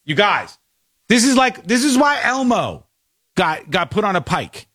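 A man's voice: sits high, sing-song, unhurried, sharp tone, slightly rough, no echo, studio quality. A man hosting a show, ranting with scorn in opinionated commentary. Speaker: show host.

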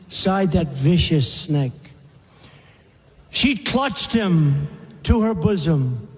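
A man slowly and deliberately reciting a poem with pauses, in a reverberant hall. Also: on the high side, lively intonation.

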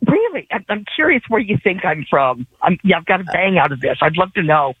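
A woman's voice: on the low side, big pitch swings, fairly quick, slightly rough, no room sound. A woman from Virginia calling in to a radio show, rambling through conspiratorial musings. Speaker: radio caller. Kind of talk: phone-in call. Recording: tinny phone line.

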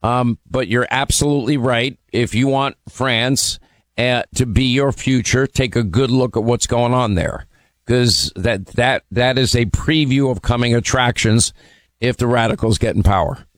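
A man's voice: medium pitch, measured pace, no room sound. A man hosting a call-in radio talk show. He speaks emphatically with strong opinions and many "uh" fillers. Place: radio studio.

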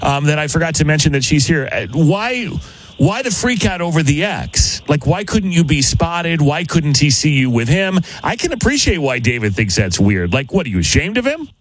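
A man hosting a morning radio show, calling someone on air and pressing him with quick, animated questions. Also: on the high side, low-quality recording. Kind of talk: morning radio call segment.

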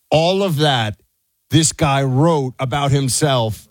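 A man's voice: mid-range voice, takes it slowly, no room sound. A man co-hosting a talk radio show, delivering heated, indignant commentary with his voice leaping up in outrage. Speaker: radio co-host.

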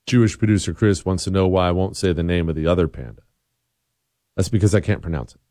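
A man hosting a radio talk show, sarcastic and mocking, with sudden jumps into a high voice. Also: no room sound, studio quality. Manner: sarcastic, mocking, swings into high-pitched outbursts. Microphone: studio microphone.

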